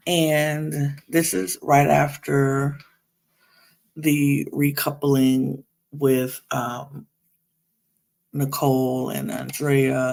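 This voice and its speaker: A woman's voice: rumbling low, vocal fry, a little mellow. A woman hosting a podcast, recapping a reality show in a chatty, rambling way with many fillers. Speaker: podcast host.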